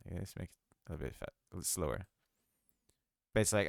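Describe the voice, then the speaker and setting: A man's voice: on the low side, animated, fast talker, creaky, long pauses, no echo, studio quality. A man hosting a casual screen-recorded game-making tutorial, thinking aloud and poking fun at himself as he works. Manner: self-mocking, thinks aloud, laughs at himself. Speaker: game dev tutorial host.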